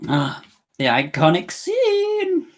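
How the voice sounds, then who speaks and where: A man hosting a live movie watch-along, talking in an animated, campy way and laughing a lot. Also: high voice, slow pace. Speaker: host.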